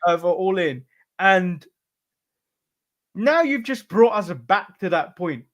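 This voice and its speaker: Exasperated Englishman with a high voice. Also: big pitch swings, slow, fairly bright tone. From England. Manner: exasperated, swearing, laughing. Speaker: podcast co-host. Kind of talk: casual podcast chat.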